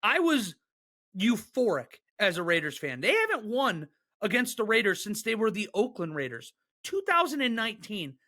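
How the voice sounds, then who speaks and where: Male podcast co-host, bright and sharp-toned, excitable and quick to rant. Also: sits high. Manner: excitable, joking, fast rants. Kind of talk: casual sports chat.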